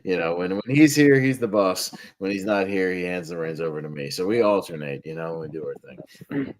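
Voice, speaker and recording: A man co-hosting a casual podcast chat who talks in an upbeat, chatty way and repeats words for effect. His voice sits somewhat low for a man. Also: fairly quick, background noise. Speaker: podcast co-host.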